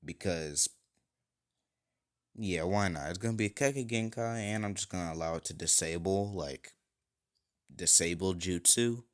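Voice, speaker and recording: A young man with a deep, low voice rambles through a fan-made anime story. He is crude and casual, stacking likes and kindas as he goes. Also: moderate pace, long pauses.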